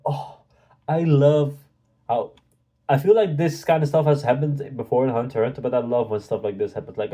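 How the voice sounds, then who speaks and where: A man hosting a live manga reaction, excitable and slangy as he reads and comments. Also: mid-range voice, moderate pace.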